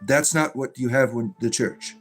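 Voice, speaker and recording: A man's voice: medium pitch, normal speed, soft background music. Rambling man chatting on a livestream. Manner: rambling, repeats himself, many fillers and restarts. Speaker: livestreamer and spiritual entertainer. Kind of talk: casual livestream chat, reading viewer comments.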